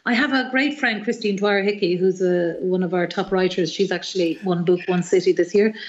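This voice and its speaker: A middle-aged woman with an Irish accent, a singer-songwriter telling animated, rambling stories as a guest in an interview. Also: fairly low pitch, brisk, reverberant, lo-fi sound. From Ireland. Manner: rambling, animated anecdotes with many fillers. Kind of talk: radio interview storytelling.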